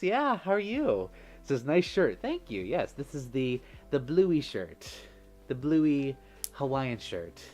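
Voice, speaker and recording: A man's voice: medium pitch, darkish tone. A man hosting a casual livestream, effusive and laughing often as he thanks viewers. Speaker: livestream host.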